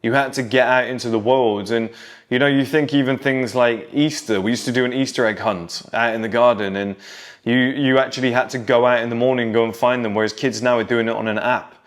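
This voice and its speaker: Addressing young men directly, a man in his thirties who makes self-improvement content tells nostalgic childhood stories in a casual monologue. He speaks fairly quickly in a steady, mid-range voice.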